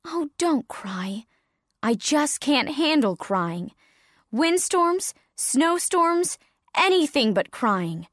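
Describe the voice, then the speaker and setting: Papa Pine is a worried, gloomy father tree who grumbles about danger, as a woman puts him on. The voice is pushed lower than her usual and moves slowly. It is recorded close and dry, like a storybook reading. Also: very animated, a bit bright, no echo, full character voice. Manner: low, grumbling, pessimistic.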